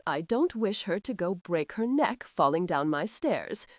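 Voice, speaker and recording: A woman narrator voicing a mocking, arrogant young male earl who speaks in a slow, sarcastic drawl. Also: lowish voice, big pitch swings, dry recording, studio quality. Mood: imperious. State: injured, sore ribs.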